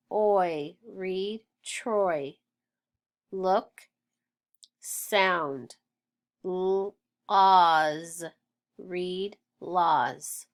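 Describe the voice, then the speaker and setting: A woman teacher leading a phonics lesson for young children, sounding out words slowly and deliberately. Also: mid-range voice, fairly bright tone. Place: home, recording alone.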